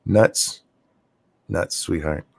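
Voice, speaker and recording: A tipsy man hosting a casual stream chat, crude and rambling, teasing his co-host and reading chat. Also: extremely slow. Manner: crude, rambling, teasing, drinking while talking. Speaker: show host.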